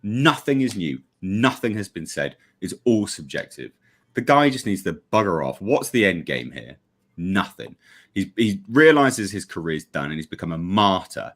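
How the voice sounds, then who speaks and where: A man's voice: low voice, big pitch swings, normal speed, a bit bright. A man giving blunt, sweary, sarcastic livestream commentary as a regular panelist.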